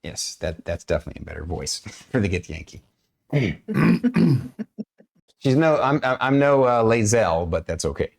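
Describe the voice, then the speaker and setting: A man acting as dungeon master on a game stream, talking loosely with many fillers and often clearing his throat. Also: lowish voice, very animated, normal speed. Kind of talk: running a tabletop game stream.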